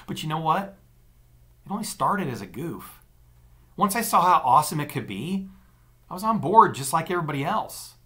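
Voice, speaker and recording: A man's voice: a little high, pushed and bright, pitched above the performer's own voice. A man voicing an angry, sarcastic teenage girl arguing with her brother in an audiobook. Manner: sarcastic, cutting. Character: angry scornful teenage girl, the narrator's sister. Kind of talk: audiobook dialogue.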